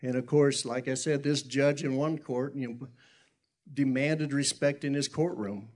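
A man's voice: medium pitch, steady tone, unhurried, darkish tone. A man preaching a sermon in a folksy, rambling storytelling way, often correcting himself and chuckling. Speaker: pastor.

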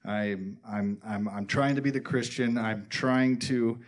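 A man speaking in a halting, rambling way in a casual church group discussion, often restarting his sentences. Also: on the low side, steady tone.

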